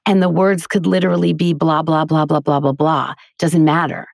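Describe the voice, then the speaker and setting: A woman's voice: low-pitched, little pitch movement, moderate pace, gravelly, a little mellow, no room sound, clean studio sound. A middle-aged woman, a voiceover artist and teacher, speaking earnestly and emphatically as a guest in a casual podcast interview.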